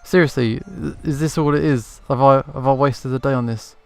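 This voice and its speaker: A man's voice: medium pitch, fairly even intonation, normal speed, vocal fry, a little mellow, faint music behind. Man thinking aloud over a game. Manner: thinking aloud, self-doubting. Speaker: let's play gamer. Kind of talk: game commentary.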